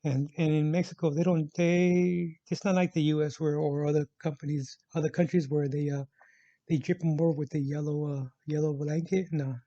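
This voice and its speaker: A man's voice: a little high, little pitch movement, normal speed, dark tone, no room sound. A man casually telling a personal travel story on his vlog, rambling with many fillers and restarts. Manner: rambling, full of fillers and restarts, repeats "actual". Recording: dull lo-fi sound, dry.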